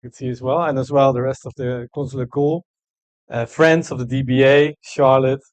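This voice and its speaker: A man whose first language is Dutch answers questions in a fireside chat, stopping and restarting with plenty of fillers. His voice sits at a middling pitch. The sound is dry and close. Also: little pitch movement, a little mellow, no echo. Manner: halting, many fillers and restarts. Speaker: ambassador. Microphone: no microphone, room.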